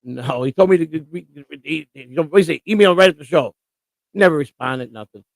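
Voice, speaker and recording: A man's voice: on the high side, a little fast, creaky, no room sound. A man co-hosting a casual live stream, talking bluntly and profanely in long rants. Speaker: co-host.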